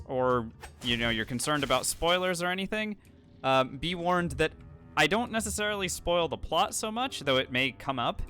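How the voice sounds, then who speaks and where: A man's voice: a little high, sharp tone. A man streaming a video game live, talking through his moves and thanking viewers in a chatty, rambling way. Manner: chatty, thanks viewers, frequent fillers and restarts. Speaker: streamer playing a challenge run. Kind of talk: live gameplay commentary.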